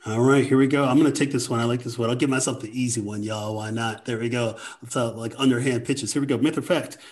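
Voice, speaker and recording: A man's voice: mid-range voice, steady tone, fast, a little mellow. A man hosting a health talk show, running a myth-or-fact quiz segment in an upbeat, playful way with jokey asides.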